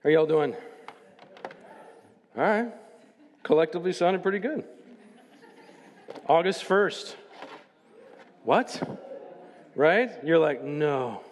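A man preaching as a pastor, joking casually with the congregation before slowing down to read scripture solemnly. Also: fairly high pitch, animated, long reverb tail. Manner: chatty and joking, then slow solemn scripture reading. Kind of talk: sermon. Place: church sanctuary.

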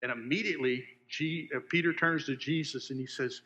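A man preaching a sermon, asking his listeners questions and swinging between loud emphasis and hushed asides. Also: on the high side, a little fast, lo-fi sound. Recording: long hall reverb.

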